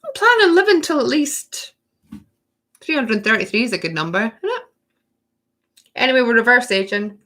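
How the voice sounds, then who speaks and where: A woman's voice: fairly high pitch, lively intonation, normal speed, pauses often, pushed and bright. A woman hosting a spiritual workshop, chatting effusively through a casual live-stream Q&A and answering viewers by name.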